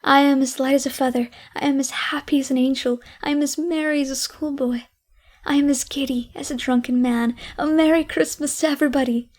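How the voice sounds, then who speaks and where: A woman's voice: high voice, steady tone, a little fast, darkish tone, natural voice. A woman voicing an overjoyed, repentant old miser in an audiobook, talking in fervent, breathless exclamations. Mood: ecstatic. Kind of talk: audiobook character reading.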